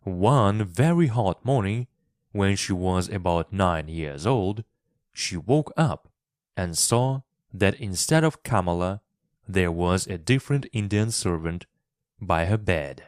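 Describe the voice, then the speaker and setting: A man reads a classic children's story aloud for English learners, his voice low and his pace slow and deliberate. He is expressive and clear, with every word easy to follow. The recording is close and dry. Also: no echo. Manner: expressive, clearly paced reading. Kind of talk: scripted narration for English learners.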